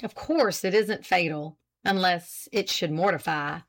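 Woman reading as a self-assured small-town lawyer, slow and dignified, in a storybook. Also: lowish voice.

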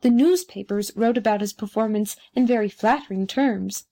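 A woman reading a storybook aloud as narrator, measured and expressive. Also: medium pitch.

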